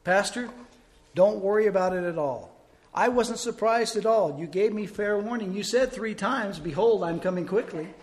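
An elderly church lady, unflustered and wry, as a male preacher puts her on. Her voice sits well above his own and comes out louder, steady and reassuring. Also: medium pitch, moderate pace, voice pushed up, lightly acted.

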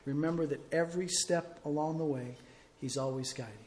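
A male pastor delivering a sermon in an expressive storytelling manner. His voice sits a little high for a man. He pushes hard on key words, then drops soft and slow. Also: a little hiss or hum. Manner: dynamic storytelling, swings between loud emphasis and soft pauses.

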